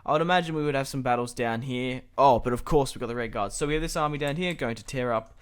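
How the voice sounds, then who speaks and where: A man's voice: mid-range voice, quick pace, clear, resonant tone. A young man giving casual, chatty commentary over a strategy game, thinking aloud as he plays. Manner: chatty and relaxed, thinking aloud, with light laughs. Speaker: channel host, gameplay commentator.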